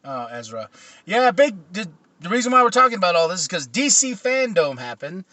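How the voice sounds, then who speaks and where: A man's voice: high voice, big pitch swings, fairly quick, bright, forceful tone, dry recording. A man co-hosting a casual pop-culture chat, an enthusiastic fan who laughs easily. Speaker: podcast co-host.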